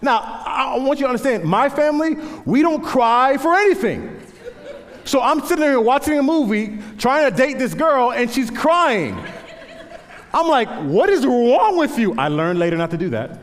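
Thirtysomething guy preaching, funny storytelling, jumps all over in pitch, hall echo. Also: moderate pace. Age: 30s. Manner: storytelling with self-deprecating humor, animated. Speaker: pastor. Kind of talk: sermon.

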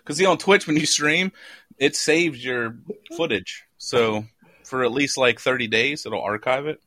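A man's voice: mid-range voice, a little slow, no room sound. A man in casual podcast chat, telling stories with lots of swearing. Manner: profane, animated storytelling. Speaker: podcast guest.

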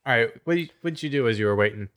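Male game master, easygoing narrator, halting casual delivery. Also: medium pitch, expressive, fairly bright tone. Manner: casual, hesitant, many fillers and laughs.

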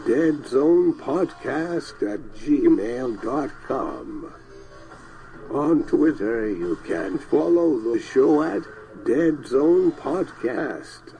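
A man's voice: medium pitch, dark tone, low-quality recording. A man announcing a podcast's closing credits in a formal old-time radio style. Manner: measured, formal. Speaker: show announcer.

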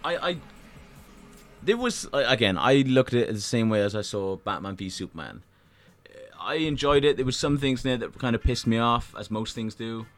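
A man's voice: medium pitch, expressive, moderate pace, fairly bright tone, faint music behind. A man co-hosting a podcast in casual chat, dry and teasing. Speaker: podcast co-host.

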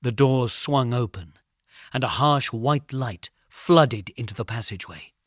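A man reading a suspenseful story aloud in a measured voice that drops to a hush at tense moments. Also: medium pitch, lively intonation, no echo, clean studio sound. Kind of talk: scripted story narration.

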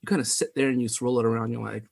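A man's voice: medium pitch, flat delivery, racing, creaky, breathy edge, dry recording. A man co-hosting a podcast in casual chat, making dry wisecracks. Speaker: podcast co-host.

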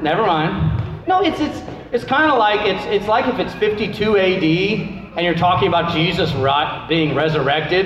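A high-voiced man leads a Bible class as its pastor, chatty and joking, throwing questions out to the room. He is picked up in a big echoey hall with a long reverb tail. The sound is dull and lo-fi, with a faint hiss underneath. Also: moderate pace, crowd noise. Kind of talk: casual Bible class teaching.

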